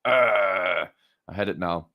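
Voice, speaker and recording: A man's voice: lowish voice, expressive, moderate pace, phone-quality sound. A South African man co-hosting a podcast chat, enthusiastic and steering the talk between topics. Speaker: podcast co-host.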